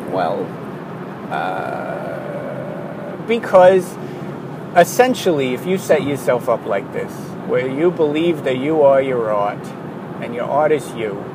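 A man's voice: medium pitch, noisy background. A man hosting a solo podcast, ranting in a worked-up way, often interrupting himself and apologizing. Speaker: podcast host.

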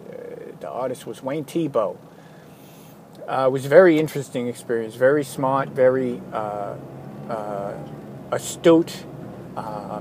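A tired man rambling casually through a vlog, wandering off on self-mocking tangents. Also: mid-range voice. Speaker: vlogger. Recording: steady traffic noise behind.

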